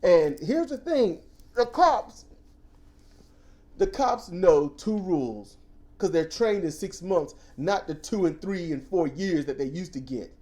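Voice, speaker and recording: An animated man co-hosting a casual discussion, his pitch swooping widely as he rants and tells stories. His voice is dark and mellow, and he jumps into loud, mocking impressions of the people he quotes. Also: slow pace. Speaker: podcast co-host.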